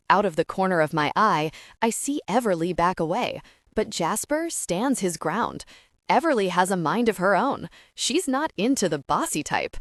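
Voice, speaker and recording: A woman's voice: lowish voice, lively intonation, moderate pace, no room sound. A woman narrating a first-person romance audiobook with an intense, brooding delivery, close to the mic.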